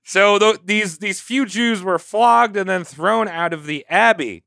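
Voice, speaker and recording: A man's voice: sits high, a little slow, creaky, pushed and bright, clean tone, dry recording, clean studio sound. A man on a comedy podcast, retelling history in a loose, joking way full of "like" and "you know.". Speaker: podcast co-host telling history. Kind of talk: casual comedic history storytelling.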